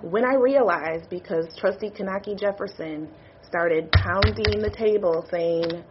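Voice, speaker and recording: A woman's voice: medium pitch, moderate pace, hardly any pauses, lo-fi sound, background noise. A woman on a university board, crying as she gives an emotional, apologetic statement at a public meeting. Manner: emotional, apologetic, tearful confession. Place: meeting room.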